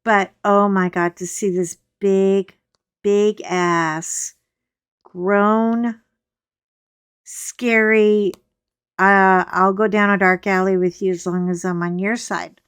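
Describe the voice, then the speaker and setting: A woman's voice: mid-range voice, fairly even intonation, slow pace, clear, resonant tone, no room sound, clean studio sound. A woman, probably middle-aged, chatting casually and frankly while she colors, telling a gossipy story. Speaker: coloring channel host.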